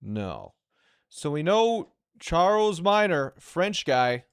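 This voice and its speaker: A man streaming a puzzle game, thinking aloud in live commentary, excited and quick to repeat himself. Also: fairly high pitch, clean tone, no echo.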